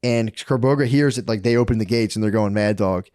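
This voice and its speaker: A man's voice: lowish voice, fairly quick, a little mellow, no echo, clean studio sound. A man co-hosting a podcast, retelling history in a rambling, profane way full of bro slang. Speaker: podcast co-host. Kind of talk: casual history storytelling.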